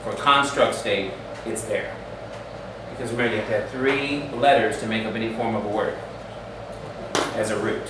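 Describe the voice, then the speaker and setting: A man's voice: on the low side, normal speed. A man teaching a Hebrew lesson patiently, drilling the class and checking in with frequent questions. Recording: echoey room from far off, faint hum.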